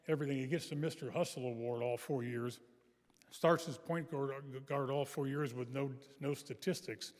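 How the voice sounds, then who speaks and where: An older man giving a folksy, anecdotal speech as a guest speaker in a large chapel. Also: medium pitch. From American Midwest. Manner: folksy storytelling. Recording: long chapel reverb.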